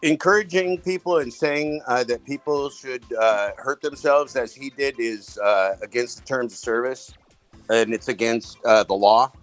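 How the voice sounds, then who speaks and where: Measured, hesitant man. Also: mid-range voice, faint music behind.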